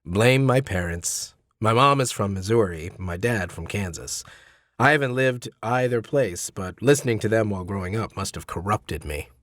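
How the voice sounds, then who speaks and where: A man's voice: moderate pace, fairly bright tone, no room sound, natural voice. A man voicing a composed young male student who answers in a dry, understated way, in an audiobook. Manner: low-key, dry, understated.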